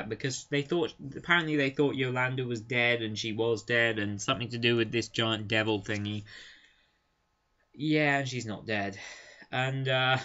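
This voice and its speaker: A man's voice: medium pitch, a bit bright. Chatty, sarcastic man, lo-fi. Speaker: comic book reviewer. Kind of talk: casual spoken review. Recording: dull lo-fi recording.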